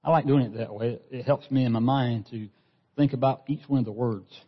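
A man's voice: medium pitch, steady tone, brisk, slightly rough. A man preaching a sermon as pastor, earnest, often repeating a word as he restarts a phrase. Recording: dull lo-fi sound with long hall reverb.

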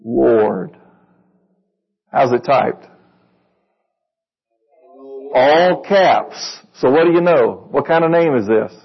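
Guy preaching a sermon, kinda husky and a bit high, chatty, asks the room stuff, muffled lo-fi sound. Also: expressive, slow pace, long pauses. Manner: conversational, asks the congregation questions. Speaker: pastor.

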